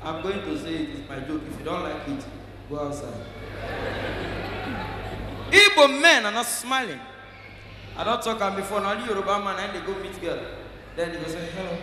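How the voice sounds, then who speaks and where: Loud Nigerian comedian in an echoey hall. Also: male voice, sits high, very animated, normal speed, long pauses, noisy background. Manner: shifts between pidgin and English, acts out characters, shouts punchlines. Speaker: stand-up comedian. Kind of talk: live stand-up comedy. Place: large church hall, live audience. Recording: echoey hall, faint ambience.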